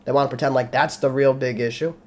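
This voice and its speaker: A man's voice: medium pitch, steady tone, fast. A male host of a live call-in debate stream, arguing bluntly and heatedly with frequent swearing.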